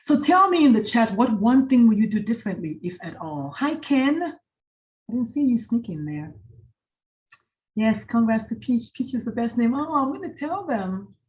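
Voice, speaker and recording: A middle-aged woman presenter on a video call from a hotel room, chatting warmly and greeting each attendee by name. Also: fairly high pitch, very animated, normal speed, slight background noise. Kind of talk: casual online talk wrap-up.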